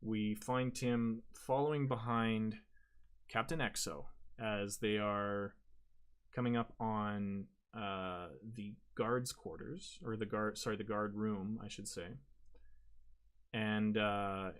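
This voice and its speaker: A man narrating as dungeon master, halting often and correcting himself as he goes. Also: lowish voice, fairly even intonation, clear, resonant tone. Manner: halting, frequent restarts and self-corrections. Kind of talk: narrating a tabletop game.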